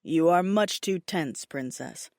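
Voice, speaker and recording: A male dragon lord, amused and commanding, speaking low and coaxing, as a woman narrator puts him on. The voice drops under her usual register with lively turns of pitch. The read is close and dry, with no room sound. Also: a little slow, no echo. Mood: seductive. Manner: low, coaxing, often laughing.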